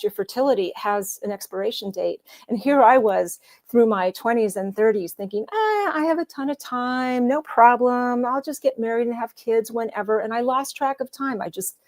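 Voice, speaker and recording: A woman, older than her forties, telling a candid personal story in a conversational way, with many pauses and fillers. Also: medium pitch, darkish tone. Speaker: guest storyteller.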